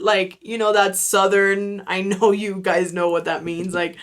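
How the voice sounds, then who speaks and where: A woman's voice: medium pitch, level tone, a little slow. A woman hosting her own podcast, talking through her views in a candid, reflective monologue full of "like.". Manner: candid and unfiltered, leans heavily on "like"; reflective, talks through her thoughts aloud. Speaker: podcast host. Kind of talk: casual solo podcast monologue.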